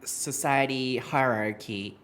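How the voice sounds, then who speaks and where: Male lesson host, mid-pitched, unhurried and thoughtful, with plenty of fillers. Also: steady tone, fairly bright tone. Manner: thoughtful, searching for words with many fillers. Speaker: host of an English conversation lesson. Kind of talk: casual unscripted conversation in English and Japanese.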